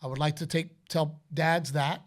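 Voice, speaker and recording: At a moderate pace and in a voice on the high side, this middle-aged man hosts a podcast. He narrates stories in a chatty, animated manner, performing quotes and announcer calls himself.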